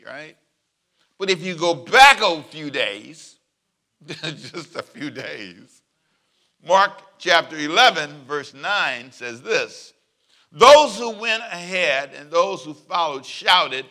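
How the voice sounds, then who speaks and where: Bright-voiced animated male pastor. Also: sits high, takes it slowly. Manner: animated, plays out quoted voices and jokes with the congregation; call-and-response with congregation. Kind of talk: sermon.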